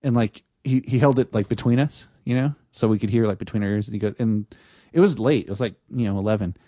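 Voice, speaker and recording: A man's voice: on the low side, quick pace, warm tone, no room sound, clean studio sound. A man co-hosting a casual podcast chat, telling a rambling childhood story and laughing at it. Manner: rambling storyteller, laughs at his own stories. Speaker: podcast co-host.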